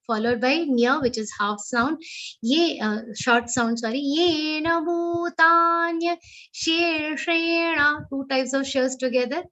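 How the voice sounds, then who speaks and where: A woman teaching Sanskrit verse recitation in an online class, chanting each line slowly and carefully before explaining the sounds. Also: a little high, fairly bright tone, poor audio. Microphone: online call microphone.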